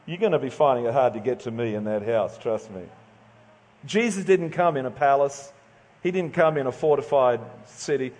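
A man's voice: mid-range voice, lively intonation, moderate pace, a little mellow. Australian man preaching in a reverberant hall. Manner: casual, joking, conversational preaching with stumbles. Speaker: pastor. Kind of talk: sermon.

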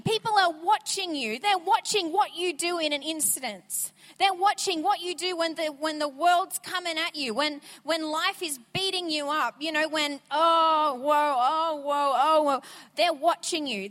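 Bright-voiced woman preaching. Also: very high voice. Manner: energetic, conversational preaching with acted-out asides. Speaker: guest preacher. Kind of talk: sermon. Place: church sanctuary. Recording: church sanctuary with long reverb.

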